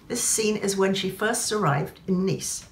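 A woman novelist reading from her own book in a gentle, measured storytelling manner, then giving writing tips. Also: medium pitch, a little hiss or hum.

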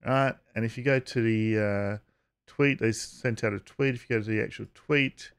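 A man giving casual vlog commentary, halting with frequent uhs and restarts and chuckling as he talks. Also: on the low side, steady tone, clear, resonant tone. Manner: chuckles while talking. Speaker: YouTube commentator.

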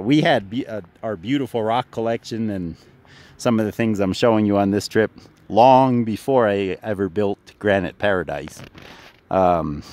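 A middle-aged man vlogging outdoors with a handheld camera, talking in a casual, rambling way with restarts. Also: lowish voice. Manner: rambling, restarts often, chuckles. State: out of breath. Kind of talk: casual vlog narration. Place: outdoors near a mine, walking.

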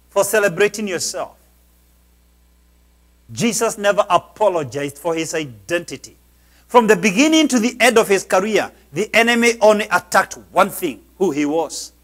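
A man's voice: high voice, fairly bright tone. A man preaching a sermon as a pastor, exhorting his listeners with emphatic, insistent delivery.

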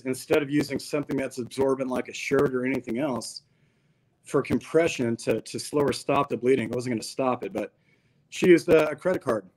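A man's voice: medium pitch, darkish tone, low-quality recording. Laid-back man telling a story. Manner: laid-back, slangy, peppers talk with "dude". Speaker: podcast guest. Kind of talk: casual storytelling interview.

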